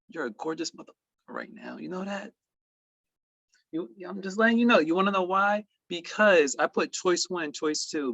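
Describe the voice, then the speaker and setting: A man's voice: a little high, fairly bright tone, no echo. A man teaching an online trading class in a playful, boastful, teasing way. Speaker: trading educator.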